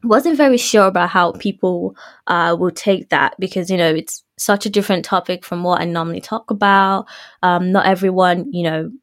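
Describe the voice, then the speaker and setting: A woman's voice: lowish voice, moderate pace. Young British woman, solo podcast host, chatty and giggly, rambles with asides. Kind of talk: casual solo podcast chat.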